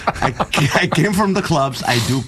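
A man's voice: fairly high pitch, lively intonation, moderate pace, fairly bright tone, slight background noise. A man who is a comedian, from the Middle East, telling stories and jokes as a guest in an interview and laughing often.

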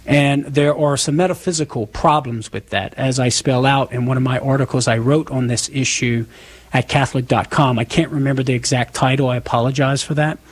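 A man's voice: mid-range voice, slightly rough. A man with a Southern US accent, a radio guest methodically explaining theology. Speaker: apologist guest.

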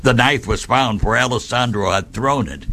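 A man narrating a saint's life story in a measured, deliberate way, with dramatic pauses. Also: mid-range voice, bright, forceful tone, slight background noise.

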